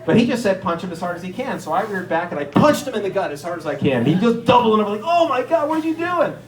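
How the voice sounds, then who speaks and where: A middle-aged man from Erie, Pennsylvania, telling stand-up stories and acting out the people in them with sudden jumps in pitch. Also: fast talker, echoey room, low-quality recording. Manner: animated, acts out characters with jumps in pitch. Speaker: stand-up comedian. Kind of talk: stand-up storytelling.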